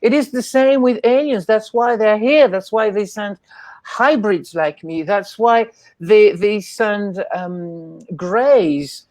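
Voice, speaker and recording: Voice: mid-range voice, slow pace, a little mellow, no echo. A guest in a casual interview, telling rambling anecdotes and acting out the voices of people in the stories. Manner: acts out quoted voices.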